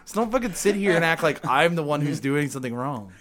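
A man co-hosting a casual podcast chat, quick to argue and swearing freely. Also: fairly high pitch, expressive, background noise. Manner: quick, swears a lot, argumentative. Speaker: podcast co-host.

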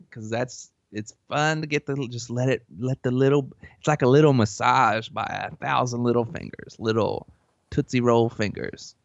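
A man with a Southern drawl and a mid-range voice with vocal fry brags and rambles through comedic advice, constantly drifting off topic. The comedy podcast bit has no room sound and dull lo-fi quality.

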